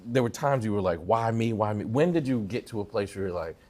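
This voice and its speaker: A man's voice: lowish voice, animated, brisk, darkish tone. A middle-aged man hosting an interview, asking thoughtful questions and speaking admiringly of his guest. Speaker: interview host, psychotherapist. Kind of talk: conversational interview.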